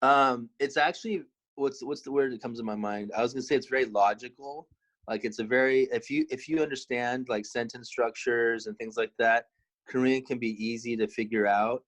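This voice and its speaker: A man in his thirties in casual podcast chat, relaxed and rambling with many fillers. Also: medium pitch, fairly quick, poor audio. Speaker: podcast co-host.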